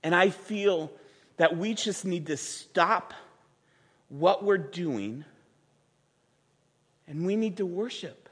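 High-voiced preacher in a reverberant hall. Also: male voice, lively intonation, slow, pauses often, breathy edge. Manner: emphatic, repeats words for stress, rises to near-shouts. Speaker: pastor. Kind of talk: sermon. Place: church sanctuary with a band. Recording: long reverb of a large hall.

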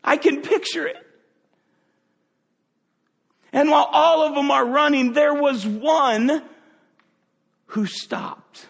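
A man preaching a sermon, telling a Bible story vividly with dramatic pauses. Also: very high voice, steady tone, vocal fry, long reverb tail.

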